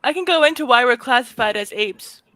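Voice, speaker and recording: A woman co-hosting a casual podcast, calmly explaining science step by step. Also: a little high, fairly quick, dry recording. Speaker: co-host.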